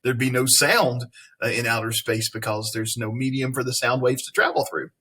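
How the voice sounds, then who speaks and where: Male teacher, husky tone, reads a lesson text aloud with playful asides to the class. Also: mid-range voice, steady tone, moderate pace, sharp tone. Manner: friendly, playful asides to students.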